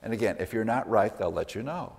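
A man teaching a workshop on listening in a gentle, measured way, often letting his voice fall quietly at the ends of phrases. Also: fairly low pitch, animated. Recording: reverberant hall.

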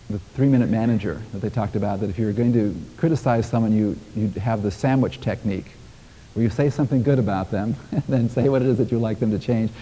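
A man's voice: lowish voice, mellow, breathy edge. Easygoing man preaching in a reverberant hall. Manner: conversational, chuckling, folksy asides. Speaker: minister. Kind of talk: sermon. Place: church sanctuary.

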